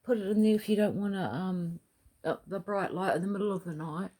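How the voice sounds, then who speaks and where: A woman's voice: medium pitch, fairly quick, dark tone, breathy edge. A middle-aged woman, chatting and rambling at home in a casual vlog, swearing now and then. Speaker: vlogger. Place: small home unit, kitchen.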